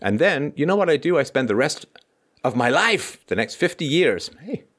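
A man's voice: fairly high pitch, very animated, normal speed, fairly bright tone. A man hosting a livestream, delivering a sarcastic, theatrical commentary monologue. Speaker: host and philosopher.

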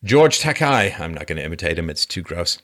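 A man with a somewhat low voice delivers political commentary in a sarcastic, mocking tone. He talks dryly, often with a sigh or a scoff. His remarks come across as flat and knowing. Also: a little fast.

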